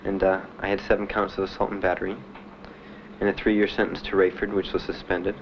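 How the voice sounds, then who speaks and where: Low-voiced man in muffled archive testimony. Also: little pitch movement. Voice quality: plain, halting, many fillers. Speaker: veteran giving testimony. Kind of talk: spoken testimony. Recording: muffled 1970s archive recording with faint hiss.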